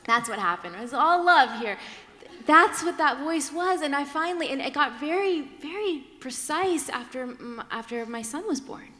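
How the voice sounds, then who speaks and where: A woman speaking candidly on a conference panel, animated and quick to laugh, slipping into different voices as she tells her story. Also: high voice. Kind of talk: candid personal talk on a panel. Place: large conference hall. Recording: long reverb of a large hall.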